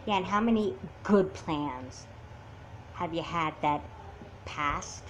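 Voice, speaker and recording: A woman's voice: on the low side, slow, slight background noise, poor audio. A woman voicing a hurt, confused teenage girl who talks in a subdued, sullen way in an amateur doll movie. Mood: doubtful. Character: hurt, confused teen girl, sulky and quiet.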